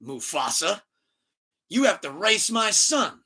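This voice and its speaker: A man doing a bossy lion king from a retold cartoon story, loud and booming, high-pitched, bright and forceful delivery. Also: very animated, slow, breathy edge, far from the mic, heavily acted. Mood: commanding. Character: bossy male lion king, Scar's father.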